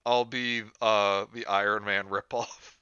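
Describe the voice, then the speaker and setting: A man in casual chat with friends, reading aloud in a laid-back, deadpan way. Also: fairly low pitch, unhurried, clean tone, dry recording, dull audio. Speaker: co-host reading a story aloud. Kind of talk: casual joking chat over a voice call.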